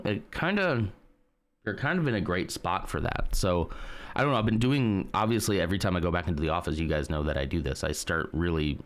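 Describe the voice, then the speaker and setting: A man streaming live, chatting casually and rambling as he reads and answers his chat. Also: low voice.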